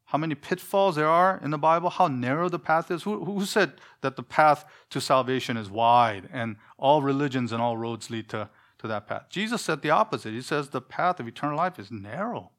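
A man's voice: on the high side, brisk, few pauses, a bit bright. A man preaching a sermon in an earnest, emphatic way, full of rhetorical questions.

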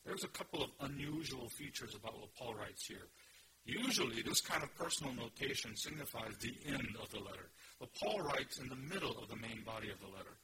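A man's voice: lively intonation, brisk. Emphatic preacher man, noisy recording. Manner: emphatic, with sudden rises in pitch and volume. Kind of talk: expository sermon.

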